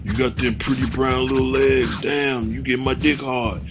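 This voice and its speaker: A man's voice: mid-range voice, steady tone, normal speed, noisy background, pitched above the performer's own voice, natural voice. A man voicing a crude, leering grown drug dealer in a lewd drawl.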